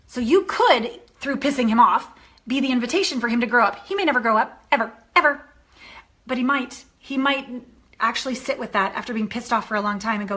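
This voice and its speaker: A woman dating coach giving an animated coaching talk to a course member, acting out the voices in her stories. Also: a little high, brisk.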